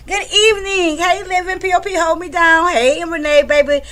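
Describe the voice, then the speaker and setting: A woman's voice: very high voice, steady tone, unhurried, fairly bright tone. A woman hosting a casual livestream from home, chatting loosely and greeting her viewers by name. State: a bit out of breath. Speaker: livestream host.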